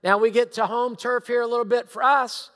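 High-voiced pastor preaching in a reverberant hall. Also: male voice, fairly even intonation, brisk. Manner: emphatic, repetitive, drops to hushed asides. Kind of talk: sermon.

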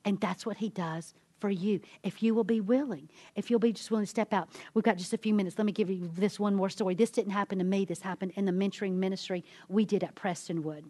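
Woman, ministry speaker, sermon-style testimony, animated storyteller, dry close sound. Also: fairly quick, no echo. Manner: animated storyteller, acting out quotes in a high voice.

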